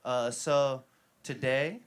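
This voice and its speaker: A man's voice: medium pitch, steady tone, slow. Joking thirties man hosting a live interview. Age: 30s. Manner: loose, joking and rambling with many fillers. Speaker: host.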